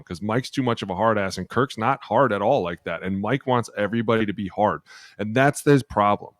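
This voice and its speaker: A man's voice: fairly low pitch, quick pace, no echo. A man co-hosting a podcast in casual chat, telling blunt, profane stories about his playing days with an American accent. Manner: blunt, profane, animated storytelling. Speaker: podcast co-host, former NFL offensive lineman.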